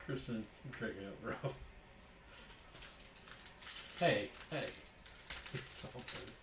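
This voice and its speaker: A man's voice: lowish voice, measured pace, pauses often, reverberant, noisy background. Man hosting a card break, far from the mic. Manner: calls out cards as he opens packs, jokes and talks to viewers by name. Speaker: sports card break host. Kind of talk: live card break stream commentary.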